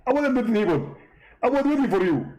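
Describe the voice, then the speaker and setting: A man putting on a boastful male preacher caricature, gloating and mocking in a fast, raised voice. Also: very high-pitched, very animated, darkish tone, muffled recording, voice pushed up.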